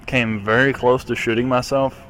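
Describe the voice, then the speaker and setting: A man's voice: mid-range voice, little pitch movement, normal speed, fairly bright tone, slight background noise. A young man playing a tabletop game, joking dryly in casual chat. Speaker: player.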